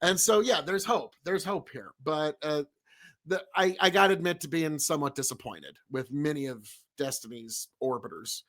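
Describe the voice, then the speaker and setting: At normal speed, a man streams live and rambles to his chat, hammering his points by circling back and repeating them. His voice is a bit bright and sits somewhat higher than most men's.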